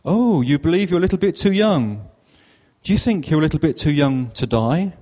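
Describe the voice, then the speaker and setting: A man voicing an earnest male evangelist who gently coaxes a child toward prayer with persuasive questions. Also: a little high, lively intonation, a little fast. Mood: probing. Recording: long hall reverb.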